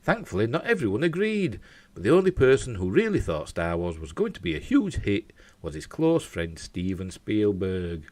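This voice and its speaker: Man, Yorkshire accent, news host, lively swooping delivery, dry close sound. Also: on the low side, moderate pace, dry recording. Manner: animated, jokey asides. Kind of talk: reading entertainment news with asides.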